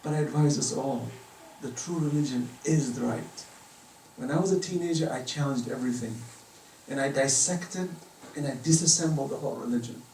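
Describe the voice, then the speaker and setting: A man's voice: mid-range voice, moderate pace, a little mellow, a little hiss or hum. A middle-aged man giving an impassioned religious lecture in a private home, pressing his points with emphatic rising questions. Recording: roomy echo, distant from the mic.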